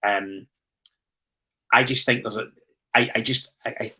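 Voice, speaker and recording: A middle-aged man hosting a football podcast, asking questions in a halting way with many restarts. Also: mid-range voice, steady tone, pushed and bright, husky. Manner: hesitant, restarts and "um" while framing questions. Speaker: podcast host. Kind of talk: casual football podcast chat.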